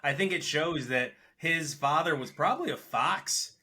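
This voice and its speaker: A man's voice: fairly high pitch, moderate pace, bright, forceful tone, breathy edge. A man co-hosting a podcast, giving easygoing casual reviews of shows with ratings. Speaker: podcast co-host.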